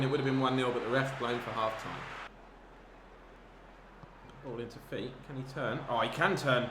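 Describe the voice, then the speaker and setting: Excitable man calling a football game. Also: mid-range voice, a little fast. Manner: excitable, bursts into shouts at chances. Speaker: gaming commentator. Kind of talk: live football game commentary. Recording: echoey room with background noise.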